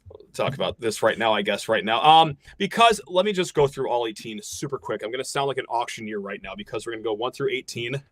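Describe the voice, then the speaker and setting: A man hosting a casual sports podcast, talking in an animated way and rattling through lists fast. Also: medium pitch, dry recording. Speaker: podcast host.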